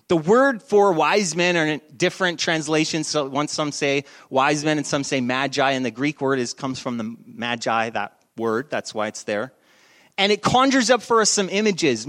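A male pastor giving a sermon, telling a story in a lively, animated way with shifts in volume and pace. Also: mid-range voice.

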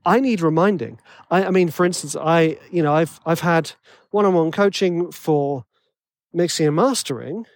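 A man's voice: a little high, normal speed, no room sound. A man with a tenor voice hosting a podcast, rambling and self-deprecating in casual chat full of fillers. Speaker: podcast host.

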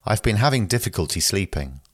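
A man reading short phrases aloud for language learners, slow and careful, one at a time. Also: fairly low pitch, sing-song, dry recording, studio quality. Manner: slow, careful, evenly paced phrase delivery. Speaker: phrasebook reader.

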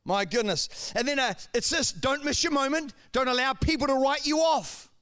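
A male pastor with a strikingly high voice preaches with fervor. His delivery moves between calm explanation and raised, urgent passages. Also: moderate pace. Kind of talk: sermon.

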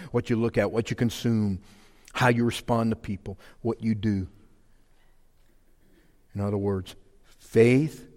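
A man's voice: on the low side, in a large hall. A man preaching a sermon in a folksy, emphatic way, repeating his key phrases. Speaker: pastor.

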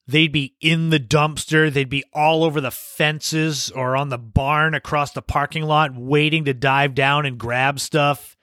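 A man's voice: fairly high pitch, level tone, a little slow, bright, forceful tone, smooth, no echo, studio quality. A man hosting a podcast, telling casual anecdotes and laughing as he goes. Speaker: podcast host. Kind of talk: casual storytelling monologue.

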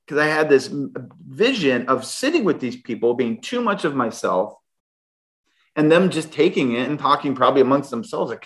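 Sing-song and a little bright, the mid-range voice of a middle-aged male guest moves at normal speed. He recounts a personal story animatedly during an interview, often starting his sentences over.

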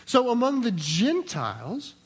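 A man with a high voice preaches through a scripture passage. He keeps it conversational, acts out the voices he quotes and restarts phrases as he thinks aloud. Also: wildly swooping pitch, a little slow, breathy edge. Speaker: pastor. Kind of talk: expository sermon.

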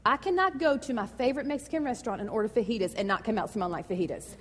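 High-voiced woman preaching, echoing hall. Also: rapid-fire, few pauses. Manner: animated, emotional, conversational preaching. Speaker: pastor. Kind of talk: sermon.

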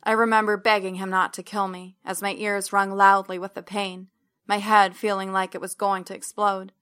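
A woman reads a first-person story aloud in a measured, steady way. Her voice is bright, and her pitch stays level with little movement. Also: clear, resonant tone. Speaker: audiobook narrator. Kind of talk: first-person fiction narration.

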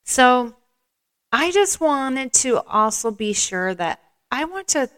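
A woman's voice: high-pitched, very animated, slow pace, fairly bright tone, clear, resonant tone. A woman hosting her own podcast, telling stories in a rambling, candid, self-deprecating way and acting out the people she quotes. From American Midwest. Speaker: podcast host. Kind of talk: casual storytelling monologue.

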